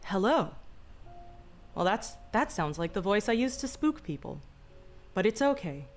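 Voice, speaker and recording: Young woman, streamer, slow put-on soothing voice, slight vocal fry, faint music behind. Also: mid-range voice. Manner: mock-soothing, slow and deliberately calm, jokey. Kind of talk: casual live-stream chat. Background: faint background music.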